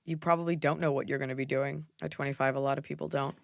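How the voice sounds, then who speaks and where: A middle-aged woman hosting a podcast, giving blunt, jokey advice in a casual, animated way. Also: low-pitched, fast talker, gravelly, no echo, studio quality. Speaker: podcast host.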